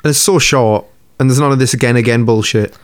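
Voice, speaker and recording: A man with a smooth, clear voice talks loosely in a casual podcast chat. He swears freely and laughs easily as he rambles. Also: medium pitch, fast talker, no room sound, clean studio sound. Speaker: podcast co-host.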